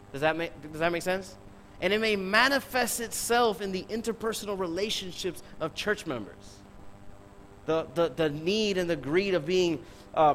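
A man's voice: a little high, a bit bright, slight background noise, rough recording. A man preaching a sermon who speaks emphatically, peppers his talk with rhetorical questions and addresses the congregation directly.

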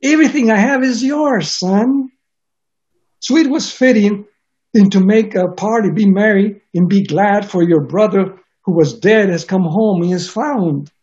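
A man's voice: sits high, moderate pace, a little mellow. A man preaching a sermon, reading scripture aloud and explaining it in an earnest way with frequent restarts. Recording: dull lo-fi recording.

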